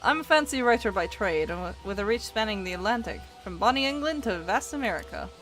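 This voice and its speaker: A woman's voice: mid-range voice, expressive, fast talker, soft background music, natural voice, poor audio. A woman voicing a flamboyant, pompous male writer from a game, with theatrical, grandiose delivery. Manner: theatrical, grandiose, loud exclamations. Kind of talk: reading game dialogue aloud.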